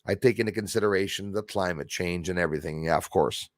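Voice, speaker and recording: A man hosting a casual livestream, rambling excitably and answering viewers' comments aloud. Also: low voice, fast, no echo, studio quality. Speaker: livestream host.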